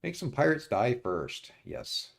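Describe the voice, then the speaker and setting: A man streaming a strategy game, muttering his moves to himself and often pausing with uhs. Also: mid-range voice, wildly swooping pitch, vocal fry. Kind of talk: casual let's-play commentary.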